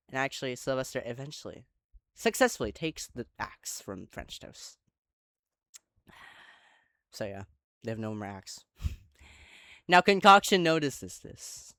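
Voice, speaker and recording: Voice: medium pitch, big pitch swings, measured pace, pauses often, a bit bright, dry recording, clean studio sound. A channel host casually retelling an online roleplay, rambling and correcting themselves, with chatty asides to viewers.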